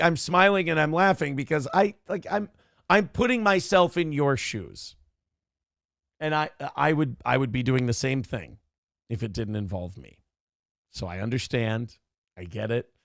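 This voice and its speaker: A man's voice: mid-range voice, gravelly, fairly bright tone, no echo, studio quality. A man in his thirties hosting a livestream, casually chatting with viewers and reading out donation messages, laughing and bantering often. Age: 30s. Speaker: livestream host.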